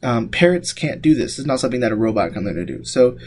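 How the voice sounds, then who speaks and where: A man's voice: medium pitch, expressive, fast, a little mellow. A man giving a classroom lecture, talking loosely with many fillers and restarts. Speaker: instructor.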